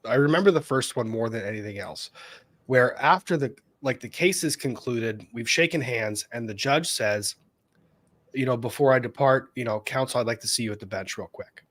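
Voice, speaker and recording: A man's voice: medium pitch, normal speed, fairly bright tone. A man, an attorney co-hosting a casual chat, earnestly recalling moments with judges and repeating phrases for emphasis. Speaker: attorney, podcast co-host.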